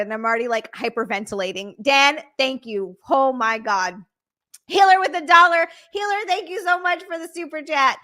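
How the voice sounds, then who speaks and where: A young woman on a live stream, her high voice bright and ringing. She gushes and thanks viewers breathlessly, swearing freely as she reads their messages aloud. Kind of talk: live stream, reading out super chats.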